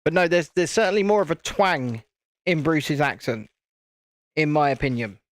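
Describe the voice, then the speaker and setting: A British man chats casually as he hosts a live stream, his talk meandering with many restarts. His voice sits a little higher than most men's, and the sound is dry and close. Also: expressive, moderate pace, no room sound. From United Kingdom. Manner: rambling, chatty, frequent restarts. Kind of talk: casual live-stream chat while building.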